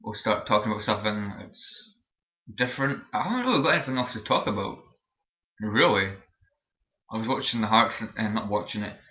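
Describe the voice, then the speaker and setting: A man's voice: lowish voice, animated, fairly quick. Rambling young Scottish man, lo-fi webcam. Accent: Scottish Borders. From Scotland. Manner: rambling, many fillers and restarts. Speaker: vlogger. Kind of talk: casual vlog chat. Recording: roomy, dull lo-fi webcam audio.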